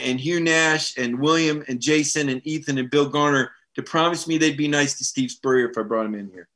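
A man's voice: mid-range voice, bright, forceful tone. A middle-aged man hosting a live sports show, chatting casually and upbeat as he reads viewer comments and acts out quoted voices.

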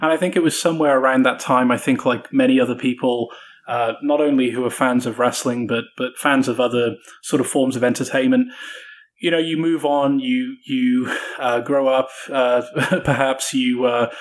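A British-accented man speaking as an author and podcast guest, with a voice of middling pitch. He talks in a measured way, with dry humor and frequent hesitant fillers. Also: steady tone. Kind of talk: casual podcast interview.

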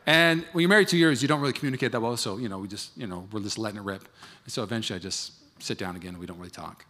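Rapid-fire and sharp in a mid-range voice, a pastor in his thirties tells a marriage story in his sermon, voicing both sides himself. The large church hall gives the recording a long reverb.

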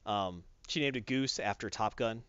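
A man chatting casually about a movie, acting out quotes in quick voices. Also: fairly low pitch, fairly bright tone, smooth, dry recording, highs cut off. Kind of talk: casual chat, movie review.

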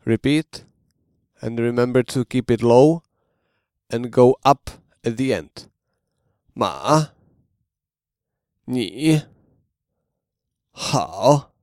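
A man gives a slow, patient language lesson. His voice is smooth and resonant, and it is recorded close and dry. He explains step by step and models each sound for the listener to repeat. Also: mid-range voice, steady tone, dark tone, no echo. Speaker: language teacher.

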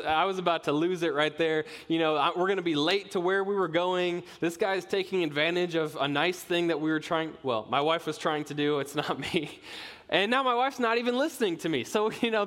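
A young man serving as a pastoral resident preaches a sermon in a church sanctuary, his slightly high, fairly bright voice carrying the long reverb of the hall. He tells stories conversationally and uses self-deprecating humor.

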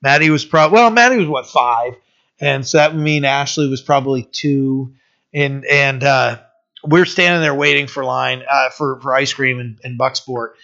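A man's voice: mid-range voice, normal speed, sharp tone. A middle-aged man from the United States, a pastor giving an informal, storytelling sermon in a loose, personal way. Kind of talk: conversational sermon. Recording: dull lo-fi recording.

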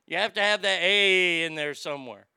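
A man's voice: high voice, moderate pace, gravelly, clean tone, dry recording, clean studio sound. A man streaming casually, mocking etiquette advice with a crude, sarcastic, profane manner. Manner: animated, jumps into loud shouts. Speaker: streamer reacting to etiquette tips.

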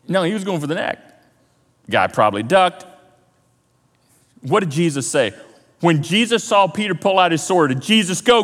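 A man preaching a sermon as pastor, animated and acting out scenes in quoted voices. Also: medium pitch, moderate pace. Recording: long hall reverb.

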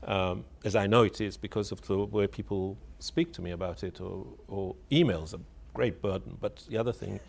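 Low gravelly man, hesitant and reflective. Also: moderate pace, hardly any pauses. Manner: hesitant, repeats words while searching for phrasing; wry, laughs while telling a story. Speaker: author interviewed on radio. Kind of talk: reflective spoken reminiscence.

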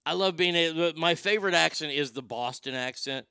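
Gravelly high-voiced man riffing sarcastically. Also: normal speed, pushed and bright, no room sound, studio quality. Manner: sarcastic, rambling, swears freely. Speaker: show host. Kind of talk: profane comedic news commentary.

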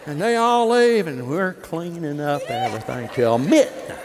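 A man's voice: fairly high pitch, animated, normal speed, a little hiss or hum. A middle-aged man preaching a sermon, folksy and joking, rising into emphatic preaching. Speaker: pastor. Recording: long hall reverb.

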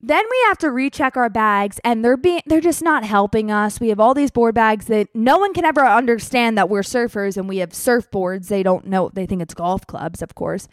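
An animated young woman with a higher voice tells a story in a breezy, exaggerated rush. The sound is close and dry, with no room around her. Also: normal speed, few pauses, no echo. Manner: animated, breathless, exaggerated, swears casually. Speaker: vlogger telling a travel story. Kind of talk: casual storytelling.

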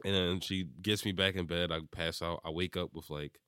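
A man's voice: low voice, flat delivery, moderate pace, sharp tone, smooth, dry recording, studio quality. A young man telling a rambling drunk story in casual chat, laughing often and filling with "like.".

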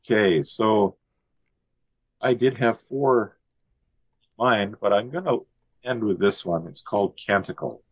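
A man as a guest poet, talking in a relaxed, thoughtful way and reading a poem in a steady, list-like cadence. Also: on the low side, measured pace, pauses often, no echo, highs cut off. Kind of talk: conversational interview with a poetry reading.

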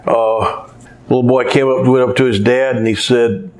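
Delivering a story-filled sermon, this medium-pitched preacher keeps a fairly even intonation and moderate pace. He rambles and occasionally loses track, restarting his thoughts.

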